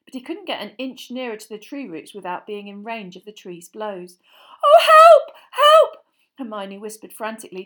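A woman narrating a story in an audiobook reading, dramatic and expressive, with tense parts dropping to a hushed voice. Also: mid-range voice.

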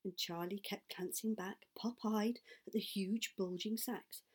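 A woman's voice: mid-range voice, steady tone, a little slow, breathy edge. Woman reading a storybook aloud. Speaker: audiobook reader. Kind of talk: storybook narration.

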